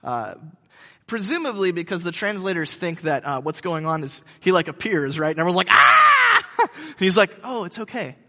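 Man preaching with bright, ringing voice. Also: on the high side, expressive, long reverb tail. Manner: conversational, halting with many restarts. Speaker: pastor. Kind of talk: sermon.

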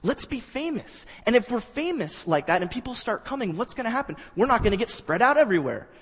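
Preacher, man, slightly high and husky voice, casual halting delivery in a big echoing hall. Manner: conversational, halting with restarts, builds up animated. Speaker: pastor. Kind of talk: sermon.

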